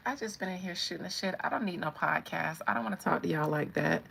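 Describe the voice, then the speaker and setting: A woman's voice: on the low side, fast talker, creaky, fairly bright tone, a little hiss or hum, rough recording. A woman in her thirties with a Southern American accent, chatting to viewers in a sassy, teasing way. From Southern United States. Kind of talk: casual chat to viewers.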